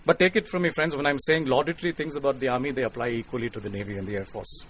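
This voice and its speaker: A man with an Indian English accent giving a formal, courteous public lecture to an audience, measured and lightly humorous. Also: mid-range voice, steady tone, fairly bright tone, slight background noise, rough recording. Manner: courteous, measured, with cricket quips. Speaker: invited lecturer. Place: lecture hall.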